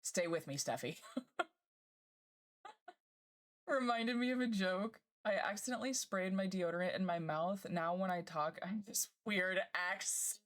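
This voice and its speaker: A bubbly woman chats casually with her live viewers and laughs easily. Her voice sits fairly low. She gushes over whatever catches her eye. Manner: bubbly, gushing, quick to laugh. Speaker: streamer.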